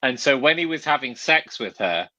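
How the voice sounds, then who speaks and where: Male podcast co-host with a bright, forward voice; teasing joke-teller, dry close-miked sound. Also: medium pitch, expressive, moderate pace, no echo, muffled recording. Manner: teasing, retells jokes, playful. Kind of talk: casual chat.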